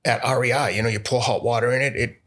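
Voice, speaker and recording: A man in his fifties, a podcast guest, telling stories in a casual interview in a profane, animated way. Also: medium pitch, fast talker. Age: 50s.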